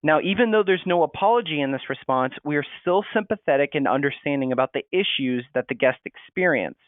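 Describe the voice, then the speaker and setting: Male webinar presenter, slightly high voice, steady explainer, thin phone-like sound. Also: brisk, no echo. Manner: steady, explanatory, reads sample replies aloud. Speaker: marketing presenter. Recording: tinny phone-like audio, dry.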